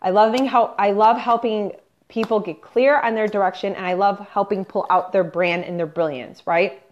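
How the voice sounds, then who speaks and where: A woman's voice: mid-range voice, fairly even intonation, moderate pace. A woman business coach on an unscripted live stream, chatty and pushy, peppering her talk with "like" and "you guys". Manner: upbeat and pushy, coaching the viewers directly. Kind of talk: unscripted Facebook live training. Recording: slightly dull lo-fi livestream audio.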